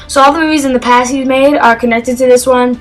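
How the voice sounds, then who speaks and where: A young-sounding woman gives a casual spoken film review, her high voice moving at a quick pace with fairly even intonation. She's eager and enthusiastic but rambling and hesitant, full of fillers and restarts. Soft music plays behind the low-quality recording.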